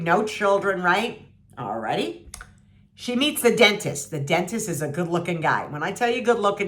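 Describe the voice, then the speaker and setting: A woman in her sixties venting to her viewers about a TV show, blunt, sarcastic and salty, mimicking people and jumping up in disbelief. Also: a bit bright. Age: 60s. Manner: blunt and salty, mocking voices, swings pitch up in disbelief. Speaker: vlogger reviewing a TV show. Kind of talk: animated, sarcastic rant to camera.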